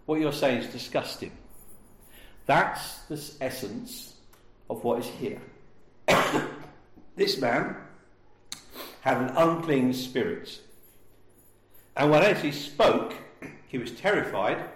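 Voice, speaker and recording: A man's voice: medium pitch, expressive, takes it slowly, pauses often, a bit bright. A man preaching a sermon, emphatic and full of rhetorical questions. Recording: echoey room.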